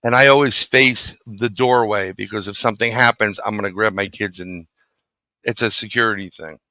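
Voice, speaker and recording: A man's voice: fairly low pitch, steady tone, normal speed, sharp tone, no echo, low-quality recording. A middle-aged man from New City, telling a story as a guest in a casual interview and acting out the dialogue. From New York City.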